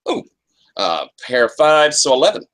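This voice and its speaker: Man, player at a game table, halting delivery full of ums and restarts, mid pitch. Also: big pitch swings, a bit bright. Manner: hesitant, lots of ums and restarts. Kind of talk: tabletop role-play, in character.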